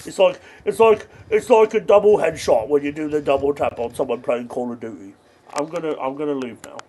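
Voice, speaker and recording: A man in his thirties giving absurdist comedy commentary while playing a game, rambling through offbeat deadpan jokes. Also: a little high, brisk, a little hiss or hum. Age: 30s. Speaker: gaming video host.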